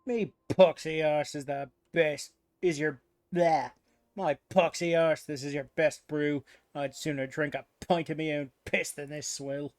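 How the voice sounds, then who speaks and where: A man's voice: fairly high pitch, a little slow. Man doing a blustering pirate marauder chief. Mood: insulting. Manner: rough blustering pirate-style growl, threatening. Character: swaggering brutish male pirate marauder chief.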